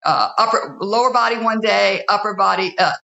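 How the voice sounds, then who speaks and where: A woman known for hosting a fitness TV show sits in as an interview guest, speaking earnestly and enumerating her points one by one. Her medium-pitched voice is sharp with vocal fry, at a moderate pace. The sound is roomy and a bit dull.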